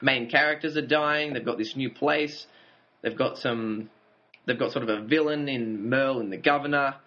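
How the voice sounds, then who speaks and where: This podcast co-host is a man with a mid-range voice and a moderate pace. He's chatting casually about a TV show, going over the plot with the occasional chuckle, and the audio sounds dull and lo-fi.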